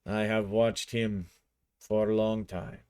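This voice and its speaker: Older mob patriarch played by a man, low and slow, grave ceremonial delivery. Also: little pitch movement, darkish tone, clear, resonant tone. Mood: solemn. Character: gang boss father, older man, solemn.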